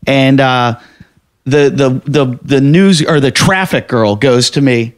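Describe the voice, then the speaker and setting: A man's voice: medium pitch, takes it slowly. A man, a comedian and podcast host, telling stories in a casual chat and acting out other people's lines with big swings of voice.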